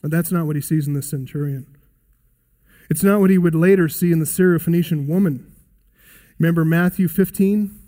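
A man preaching a sermon in an earnest, emphatic way, slowing down to stress key lines and quoting scripture aloud. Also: fairly high pitch, mellow.

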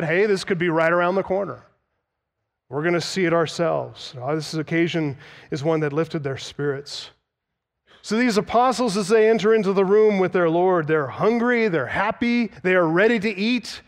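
Teaching with earnest conviction, a high-voiced male preacher delivers an expository sermon, slowing to stress important phrases and repeating words to drive them home.

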